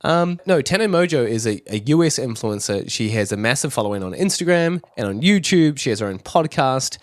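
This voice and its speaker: A man's voice: medium pitch, animated, a little fast, dry recording. Male commentary YouTuber with a chatty, self-mocking, close, dry sound. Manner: chatty, self-deprecating, rambling asides. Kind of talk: casual explainer commentary.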